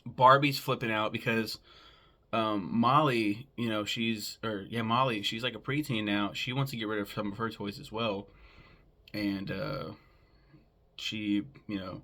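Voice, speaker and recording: A man with a low, gravelly voice walks through a film's plot in a loose, rambling recap. He leans on filler words and swears freely, like someone talking off the cuff. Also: fairly even intonation, unhurried, pushed and bright. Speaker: film podcast host. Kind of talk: casual film recap.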